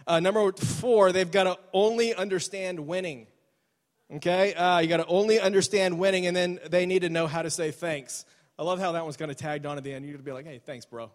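A man's voice: high-pitched, fairly even intonation, a little fast. A man preaching a sermon in a casual, storytelling way, often restarting his sentences. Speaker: pastor. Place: church sanctuary. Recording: long hall reverb.

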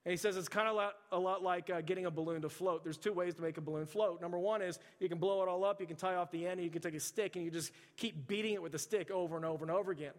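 Pastor preaching in a reverberant hall. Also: male voice, sits high, steady tone, racing, few pauses. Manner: conversational storytelling with frequent restarts and "like". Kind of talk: sermon.

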